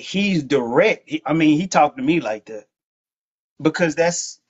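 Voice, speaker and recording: A man's voice: on the high side, highs cut off. A man hosting a faith podcast, chatting in a laid-back, joking, slangy way. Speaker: host.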